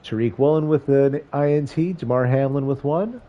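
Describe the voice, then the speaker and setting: A man's voice: mid-range voice, normal speed, lo-fi sound. A man streaming a football video game, giving casual play-by-play with wry, joking asides between stat rundowns.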